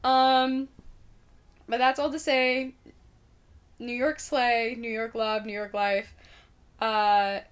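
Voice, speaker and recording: A young woman from Indiana rambles to her camera in a casual vlog, with a slightly high voice. She swears freely, leans on fillers, and drops to quiet asides before bursting out loud. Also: flat delivery, slow, long pauses, smooth. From Indiana, United States. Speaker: vlogger.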